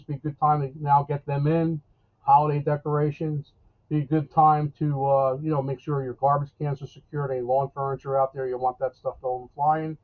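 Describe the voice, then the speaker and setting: A New weatherman chats about the forecast in a rambling, folksy way, stopping and restarting his sentences. His voice sits a bit high for a man. It comes through a thin, tinny, phone-like line. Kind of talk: casual live interview.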